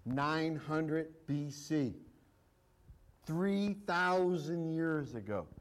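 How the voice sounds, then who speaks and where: A man's voice: fairly high pitch, extremely slow, low-quality recording. A male pastor preaching a sermon, reading scripture aloud and repeating his points with emphasis.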